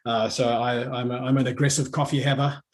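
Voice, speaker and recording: A man's voice: mid-range voice, level tone, a little fast, a little hiss or hum. A middle-aged man talking reflectively as a guest, often restarting his phrases and laughing easily. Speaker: guest speaker. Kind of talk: conversational online talk.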